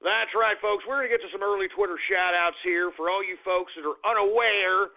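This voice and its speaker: A man hosting a radio talk show, ranting abrasively with profane shouted insults at listeners. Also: high voice, fairly even intonation, brisk. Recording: phone-like lo-fi radio sound.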